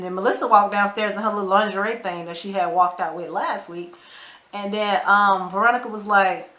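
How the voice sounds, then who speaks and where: A woman, casually recapping a TV episode in an animated way, acting out the characters' lines and adding her own side comments. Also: medium pitch, a little fast, reverberant. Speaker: show recap vlogger.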